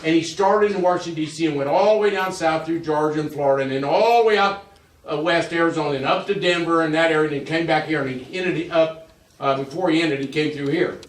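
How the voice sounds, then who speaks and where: A man's voice: a little high, fast. An older man gives a rambling, folksy slide talk to a group in a museum, repeating himself as he goes. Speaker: museum speaker giving a talk. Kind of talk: informal slide lecture to a group. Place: museum hall with an audience. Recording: echoey room, voice from a distance.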